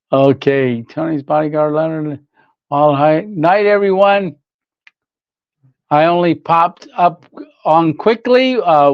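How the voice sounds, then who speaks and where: An older man hosts a casual home livestream, telling rambling stories and reading viewers' comments aloud with frequent laughs. His voice sits a little high and the talk moves slowly. The sound is dry and a bit dull, like a lo-fi stream. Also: clear, resonant tone, dry recording. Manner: rambling storyteller, reads chat aloud, laughs often. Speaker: livestream host.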